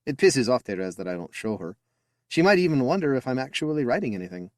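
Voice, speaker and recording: A man's voice: mid-range voice, very animated, fast talker, dry recording, clean studio sound, voice pushed up, lightly acted. A man voicing an eager, boastful young man who talks proudly and affectionately about his little brother. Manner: upbeat, chatty and affectionate.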